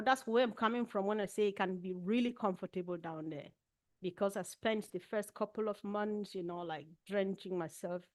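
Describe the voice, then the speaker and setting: A woman's voice: mid-range voice, darkish tone, no room sound. A woman speaking as a panel guest, giving a candid, reflective personal testimony with frequent restarts.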